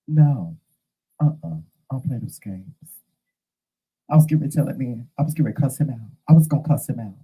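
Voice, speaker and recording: A man hosting his own show, telling stories to camera in a casual, animated and profane way. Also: on the high side, a little fast, slightly rough, poor audio. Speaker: host.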